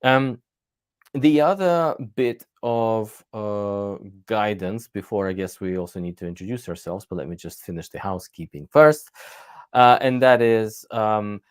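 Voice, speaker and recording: A man co-hosting a live coaching stream, presenting in an energetic, emphatic way with plenty of fillers. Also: on the low side, unhurried, clear, resonant tone, no room sound, clean studio sound.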